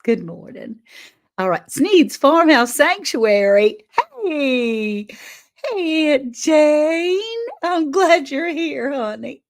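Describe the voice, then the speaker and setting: An older woman hosting a live stream, chatting with viewers by name and reading a short piece aloud. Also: medium pitch. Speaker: livestream host. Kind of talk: casual livestream chat and reading aloud.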